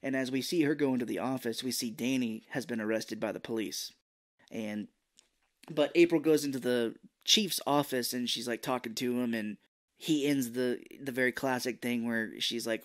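A man's voice: mid-range voice, moderate pace. A man co-hosting a podcast, casually recapping a movie and slipping into silly voices. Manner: animated, slips into silly put-on voices. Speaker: podcast co-host.

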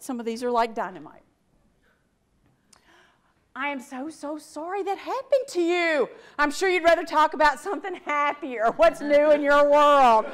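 A woman workplace trainer lecturing a class, acting out sample phrases as she goes. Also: a little high. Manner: animated, acts out sample phrases.

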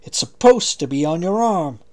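A man's voice: on the high side, sing-song, moderate pace, a little mellow, pitched above the performer's own voice. Man doing a curt, stern lieutenant. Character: stern male lieutenant, curt camp officer.

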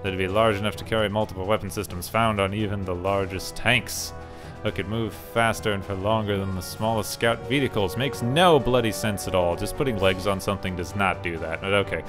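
Low-voiced guy doing a let's play, reads the story bits then cracks dry jokes, faint music behind. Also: brisk. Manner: wry, joking asides with sarcastic remarks. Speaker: gaming channel host. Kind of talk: casual let's play commentary, reading game text aloud.

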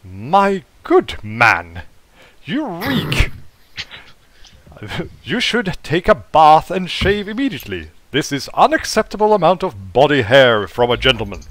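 A man's voice: on the high side, wildly swooping pitch, moderate pace, hardly any pauses, a bit bright, pitched above the performer's own voice. A man voicing a fussy, prim male robot butler who scolds in a haughty tone. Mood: scolding.

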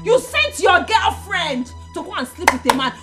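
Scornful Nigerian woman, high voice. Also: very animated, normal speed, over loud music. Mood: mocking. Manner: scornful, shouting insults. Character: angry young woman confronting a man.

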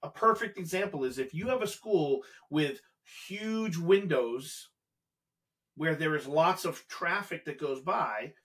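A man's voice: on the high side, fairly bright tone. A man co-hosting a casual podcast, chatting agreeably and offering practical examples. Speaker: podcast co-host.

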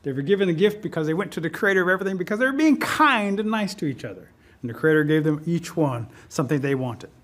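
A man telling a traditional folk tale in an animated, expressive way. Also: on the high side, fast talker. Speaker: storyteller. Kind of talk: oral folk storytelling.

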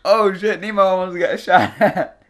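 A man's voice: high voice, moderate pace. A young man laughing and hurling teasing insults at friends in party chat. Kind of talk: casual gaming chat.

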